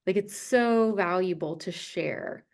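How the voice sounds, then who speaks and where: A woman's voice: lowish voice, takes it slowly, a little mellow. A woman hosting a webinar on a video call, wrapping up in a conversational way with fillers. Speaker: webinar host. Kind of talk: webinar wrap-up.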